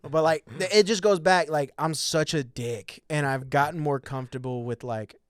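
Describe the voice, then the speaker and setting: A man's voice: fairly high pitch, moderate pace, no room sound, studio quality. Profane laughing young man on a podcast. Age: 20s. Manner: profane, laughing, animated storytelling. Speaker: podcast guest. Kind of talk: casual podcast chat. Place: podcast studio.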